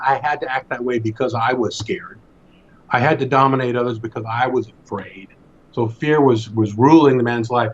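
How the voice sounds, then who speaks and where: Man, mid-range voice, emphatic storyteller, dull lo-fi recording. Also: mid-range voice. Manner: emphatic, repeats words as he builds a point. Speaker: speaker in a faith discussion. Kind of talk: earnest storytelling talk.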